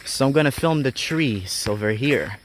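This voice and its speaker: A man's voice: medium pitch, lively intonation, normal speed, a little hiss or hum. Rambling young man vlogging outdoors. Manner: rambling, joking and griping. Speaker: live-streaming explorer. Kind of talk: casual live-stream vlog. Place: outdoors on a rural mountain road, walking.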